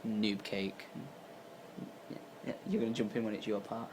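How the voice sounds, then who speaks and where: Casual storyteller, young man, tired but animated, faint hiss behind. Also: moderate pace. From England. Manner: animated, acts out quotes with jumps in pitch and volume. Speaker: YouTuber.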